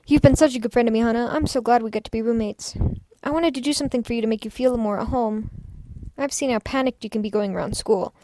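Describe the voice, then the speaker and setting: A woman reading a visual novel aloud, voicing a bubbly, bossy teenage schoolgirl with a pushy, excited delivery. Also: fairly high pitch, brisk, dry recording, natural voice. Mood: tender.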